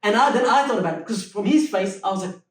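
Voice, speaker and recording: A young man telling a story on a podcast as a guest, animated, acting out the dialogue of people in his story and laughing through the punchlines, often using religious expressions. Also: high voice, fast. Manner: peppers speech with religious expressions. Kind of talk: casual storytelling chat. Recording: roomy echo, mic at a distance.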